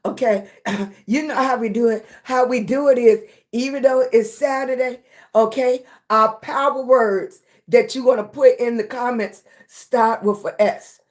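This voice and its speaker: A woman hosting a casual livestream chat with viewers. Her voice is slightly raspy, and she talks slowly and affectionately, sometimes short of breath. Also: fairly high pitch, steady tone. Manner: slow, breathy, affectionate, calls viewers baby. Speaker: livestream host.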